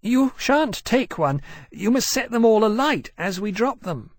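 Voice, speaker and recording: A man's voice: sits high, sing-song, measured pace, voice pushed up, heavily acted. A man voicing a flustered female dragon who talks shrilly and breathlessly in an audiobook. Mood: bossy.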